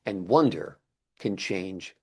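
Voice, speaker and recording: A man's voice: sits low, lively intonation, slow pace, breathy edge. A man hosting an interview in an upbeat, enthusiastic way. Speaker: interview host.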